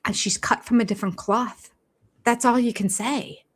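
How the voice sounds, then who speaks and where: A woman's voice: a little high, fairly even intonation, moderate pace. An older woman giving blunt, sarcastic live reaction commentary to a reality show, laughing often as she talks. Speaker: reaction vlogger.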